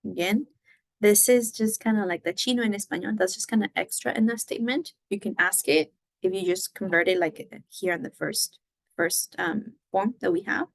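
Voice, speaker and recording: A woman's voice: mid-range voice, normal speed, gravelly, no echo, rough recording. A woman teaching a Spanish lesson, explaining patiently step by step and moving between English and Spanish. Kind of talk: recorded classroom lesson.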